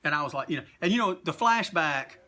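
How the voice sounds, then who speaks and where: Bright fast-talking older man telling stories. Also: on the high side. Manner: animated raconteur, acts out quotes with profanity. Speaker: guest, comic book shop owner and wrestling author. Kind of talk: casual storytelling in a livestream chat.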